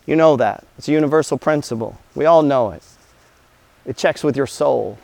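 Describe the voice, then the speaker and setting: A man's voice: mid-range voice, moderate pace, creaky, darkish tone, no room sound. A man giving a blunt, profane motivational talk about money, full of rhetorical questions. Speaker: host.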